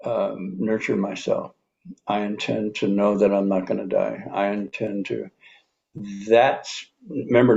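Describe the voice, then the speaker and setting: A man in his seventies giving a reflective teaching talk, unhurried, pausing often and repeating calm self-affirmations. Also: lowish voice, gravelly, highs cut off. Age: 70s. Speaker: speaker on personal healing.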